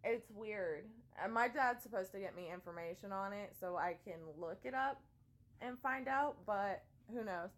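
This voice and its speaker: A woman's voice: medium pitch, normal speed. A young American woman, born in California and raised in Ohio, chatting playfully as a vlog co-host and reading out viewer comments. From USA (born California, raised Ohio). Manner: giggly, animated, playful. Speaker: vlogger co-host.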